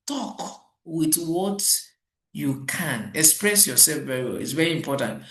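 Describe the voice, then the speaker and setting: A man's voice: a little high, a little slow. Man teaching in an echoey room. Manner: animated storytelling, acts out quoted exchanges. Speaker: customer service trainer. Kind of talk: training lecture.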